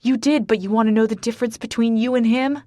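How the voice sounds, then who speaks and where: A woman voicing a steady male friend who talks firmly and bluntly to calm someone, in an audiobook. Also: fairly high pitch, quick pace, no room sound, studio quality, pitched above the performer's own voice, lightly acted. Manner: firm, calming, blunt. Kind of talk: audiobook character voice.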